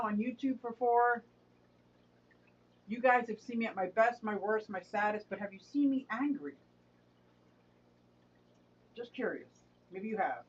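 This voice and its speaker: A woman hosting a casual live stream, greeting viewers by name and chatting with them. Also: mid-range voice. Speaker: live-stream host of an aquarium channel. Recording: dull, distant mic.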